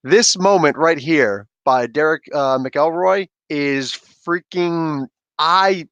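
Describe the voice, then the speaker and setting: A man hosting a casual livestream, reading chat aloud and chatting in an animated way with frequent laughter. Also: on the high side, takes it slowly, clean tone, dry recording, dull audio. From Canada. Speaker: livestream host.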